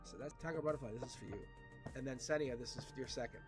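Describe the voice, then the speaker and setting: A man giving a casual live tarot reading, animated and repeating himself with frequent restarts. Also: medium pitch, fast talker, faint music behind. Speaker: tarot reader.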